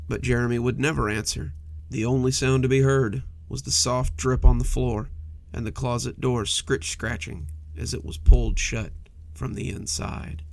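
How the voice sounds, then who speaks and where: A man narrating a cozy horror story in a measured, softly dramatic way. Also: medium pitch, creaky.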